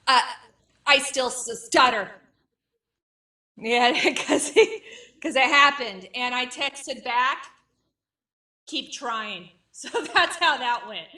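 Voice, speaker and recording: A woman's voice: high voice, pushed and bright, recorded from a distance. A woman in her late thirties with a stutter, doing a wry, self-mocking stand-up comedy set. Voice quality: stutters, with repeated sounds and blocks.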